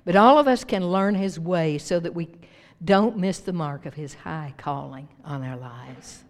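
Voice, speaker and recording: A woman's voice: on the low side, measured pace. Woman preaching in a reverberant church. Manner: folksy, laughs often, leads congregation call-and-response. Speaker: pastor. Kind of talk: sermon. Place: church sanctuary. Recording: long hall reverb.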